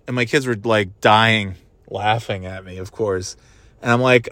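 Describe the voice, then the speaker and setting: A man's voice: medium pitch, brisk, a bit bright, no echo. A man in his forties telling a comic story in a rambling, self-mocking way and swearing casually.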